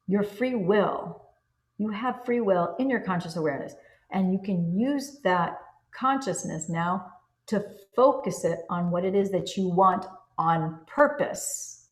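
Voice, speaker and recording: A woman's voice: on the low side, a little mellow, roomy sound. A woman giving spoken self-help teaching in an earnest, coaching manner, often acting out inner self-talk.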